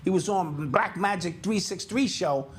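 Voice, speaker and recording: An older man co-hosting a podcast in casual chat, telling stories in an animated way and acting out sounds and quotes. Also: sits high, a little slow, slight background noise. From United States. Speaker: podcast co-host.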